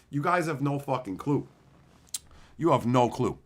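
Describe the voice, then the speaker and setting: Animated, foul-mouthed male streamer. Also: medium pitch, measured pace, pauses often. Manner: profane, animated and openly emotional. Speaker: live streamer. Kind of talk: casual live-stream chat with viewers.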